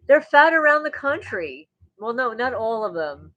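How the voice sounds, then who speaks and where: A woman's voice: medium pitch, lively intonation, moderate pace, few pauses, a bit bright, no room sound, poor audio. Chatty woman hosting a livestream. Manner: rambling, chatty, reads and answers viewer comments. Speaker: livestream host. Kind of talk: casual livestream chat.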